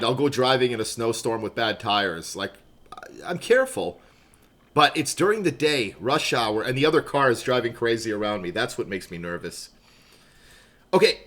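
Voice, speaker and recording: A man's voice: medium pitch, a bit bright. A man streaming a video game live, chatting casually with viewers from a room at home and yelping and laughing at sudden moments in play. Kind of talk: casual gameplay chat.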